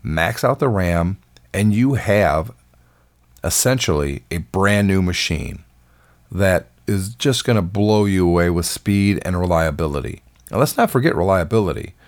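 A man hosting a casual tech podcast, chatty and enthusiastic, with a voice that sounds a little rough and off today. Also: low-pitched, animated, unhurried. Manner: chatty and enthusiastic, with filler words. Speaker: podcast host.

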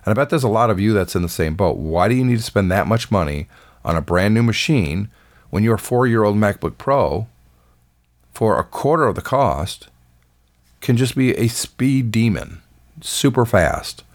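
A man with a very low, deep voice hosts a tech podcast on his own, talking in a loose, chatty way. He is upbeat and full of fillers, and his voice sounds slightly rough and off today. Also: lively intonation, normal speed. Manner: chatty and enthusiastic, with filler words. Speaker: podcast host. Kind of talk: casual tech podcast monologue.

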